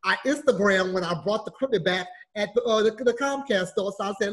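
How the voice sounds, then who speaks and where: A man co-hosting a casual podcast, telling a story in a loud, profane rant and acting out a heated phone call. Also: high voice, fast, few pauses. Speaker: podcast co-host.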